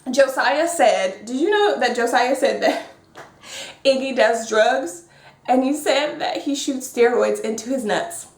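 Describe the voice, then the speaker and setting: A woman recapping a reality dating show as co-host, sassy and playful with quick asides. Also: high voice. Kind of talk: casual reality TV recap chat. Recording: echoey room.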